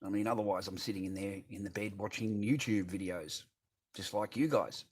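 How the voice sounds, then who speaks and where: A man's voice: on the low side, brisk, a little mellow, husky. An Australian man chatting casually on a live stream, rambling, swearing and answering chat messages.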